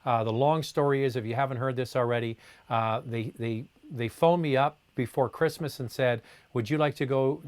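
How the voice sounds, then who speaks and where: A man hosting a live question-and-answer stream, reading viewer comments aloud and answering in a casual, chatty way with plenty of fillers. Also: medium pitch. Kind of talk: live Q&A chat.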